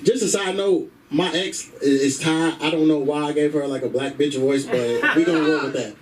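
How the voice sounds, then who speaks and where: A man's voice: fairly high pitch, steady tone, normal speed, recorded from a distance, a crowd in the background, rough recording. A man doing a stand-up comedy set on a comedy club stage through a stage microphone, telling stories in a brash, profane way.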